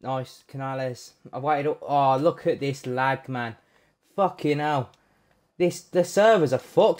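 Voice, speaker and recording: A man streaming a pack opening live, swearing freely and shouting when a good card comes up. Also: a little high, a little slow. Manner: excitable, sweary, loud outbursts at good pulls.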